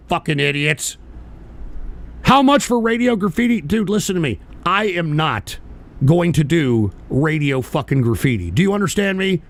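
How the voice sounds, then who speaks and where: A man's voice: fairly high pitch, expressive, normal speed. A man hosting a livestream, ranting in a profane, exasperated way with stammering restarts. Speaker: livestream show host. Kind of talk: angry livestream rant.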